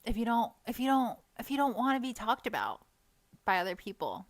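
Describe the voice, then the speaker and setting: A woman's voice: fairly high pitch, big pitch swings, fairly quick, no room sound. A young woman ranting to camera in a storytime vlog, heated and profane, mocking the people she talks about. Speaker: vlogger. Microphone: desk microphone.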